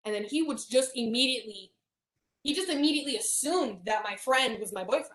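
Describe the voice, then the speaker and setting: Soft-spoken woman telling a painful story. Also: fairly high pitch, expressive, brisk. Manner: often drops to a soft near-whisper. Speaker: hypnosis client. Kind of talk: emotional personal storytelling. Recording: roomy echo.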